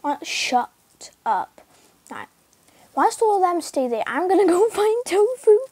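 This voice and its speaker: High-voiced excitable woman gaming. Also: a little slow, no room sound. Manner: excitable, calls out and yelps while playing. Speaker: gameplay video host. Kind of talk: casual game commentary. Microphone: screen recorder mic.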